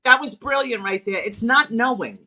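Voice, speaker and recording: Fields: Sex: woman. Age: middle-aged. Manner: brash, animated storyteller. Tone: bright. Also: fairly high pitch, moderate pace. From Long Island, New York. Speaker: guest, spiritualist author. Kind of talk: casual interview chat.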